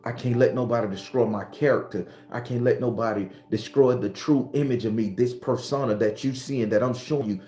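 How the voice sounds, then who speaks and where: A spiritual teacher with a Southern accent gives his followers an earthy, preachy talk, emphatically repeating his points. His mid-range voice is warm and brisk with few pauses, and the sound is roomy.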